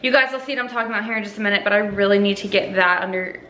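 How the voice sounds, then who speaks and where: A twenty-something woman vlogs casually from home, walking through her routine with plenty of "like" and small laughs between thoughts. Her mid-range voice is sharp-toned and rapid-fire, and the indoor recording sounds roomy with a little background noise.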